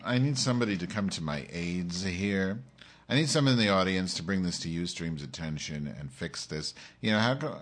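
A man's voice: lowish voice, a bit bright. Profane, ranting male live-streamer. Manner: profane, sarcastic, combative with viewers.

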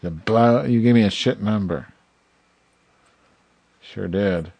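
Low, gravelly, deadpan man. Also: slow pace, dry recording, lo-fi sound. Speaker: prank caller. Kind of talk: deadpan comedic phone prank.

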